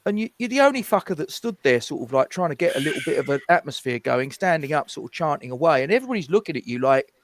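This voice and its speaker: A man telling an animated, swearing story about chanting at football, with halting restarts. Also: a little high, no room sound. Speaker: podcast panelist. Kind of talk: casual football chat.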